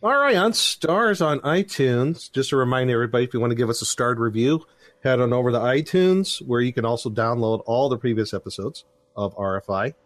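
A man's voice: medium pitch, animated, fairly quick, dry recording. A middle-aged man hosting a casual podcast, reading listener reviews aloud with jokes, close to a dry mic. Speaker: podcast host.

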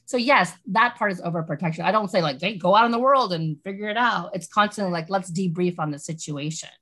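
A woman talking casually as a podcast guest, animated and rambling with lots of "like"s. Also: on the low side, fast talker. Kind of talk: casual chat.

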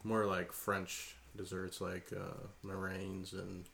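A man co-hosting a casual radio chat, his voice low with a lot of gravelly fry. He talks freely, pausing on frequent ums. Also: monotone, a bit bright. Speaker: radio show co-host.

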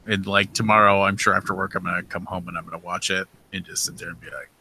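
A man co-hosting a casual podcast, with a lowish voice and a sharp, bright tone. He speaks bluntly and sounds exasperated, swearing freely. Faint noise hums in the background. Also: steady tone, fast talker, rough recording. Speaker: podcast co-host. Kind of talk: casual chat.

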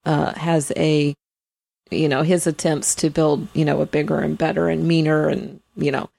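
A woman's voice: low-pitched, little pitch movement, moderate pace, vocal fry, mellow, no echo. A woman co-hosting a podcast, talking casually and hesitantly with many fillers. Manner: hesitant, full of "you know" fillers. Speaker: podcast co-host. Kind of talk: casual chat.

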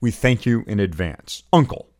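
A man's voice: medium pitch, animated, normal speed, no room sound, studio quality. Wry joking male podcast host. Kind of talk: casual podcast chat.

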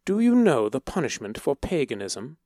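A man voicing a cold, menacing priest in a storybook reading, speaking slowly and quietly. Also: mid-range voice, sing-song, no room sound, studio quality, pitched above the performer's own voice. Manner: slow, quiet and deliberate. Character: cold menacing male priest, middle-aged.

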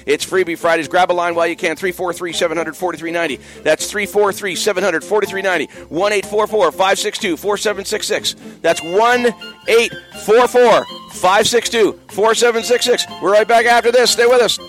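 A man hosting a late-night call-in radio show in a studio, loud and upbeat as he takes callers and reads phone numbers. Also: sits high, fairly even intonation, fast, hardly any pauses, soft background music, rough recording. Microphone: studio microphone.

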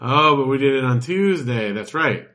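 Relaxed man in casual chat. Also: medium pitch, normal speed. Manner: relaxed, short reactions. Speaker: podcast co-host.

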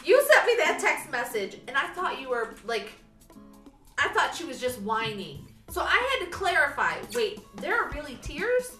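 A woman's voice: sits high, very animated, moderate pace, sharp tone, roomy sound, distant mic, faint music behind. A woman co-hosting a casual podcast, telling stories and acting out quotes expressively. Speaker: podcast co-host. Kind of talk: casual chat.

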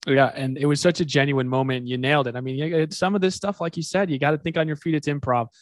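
A man's voice: on the high side, steady tone, quick pace, no echo, studio quality. A male podcast host asking a guest earnest, appreciative questions in a casual interview.

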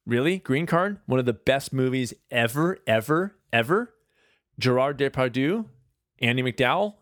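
A man hosting his own podcast, talking casually and rambling through animated asides. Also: mid-range voice, no echo, clean studio sound. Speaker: podcast host. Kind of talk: casual solo podcast monologue.

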